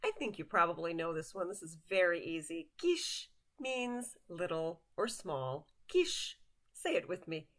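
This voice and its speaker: A female language teacher gives a slow vocabulary lesson, patiently repeating each word and inviting the listener to say it along with her. Her voice is lowish, fairly bright and expressive, moving at normal speed with hardly any pauses.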